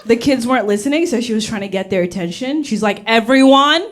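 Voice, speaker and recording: A woman's voice: mid-range voice, quick pace, slight background noise. A young woman stand-up comedian from Uganda, telling stories on stage and acting out voices, sometimes dropping to a whisper for a punchline. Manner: animated, acts out voices, drops to whispers for punchlines. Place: comedy stage before a live audience.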